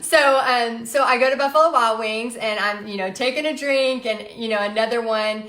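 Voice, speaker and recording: Woman in her late 30s, livestream host, chatty and animated storyteller, slightly high voice, roomy echo. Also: normal speed. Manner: chatty, animated, frequent fillers. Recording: echoey room.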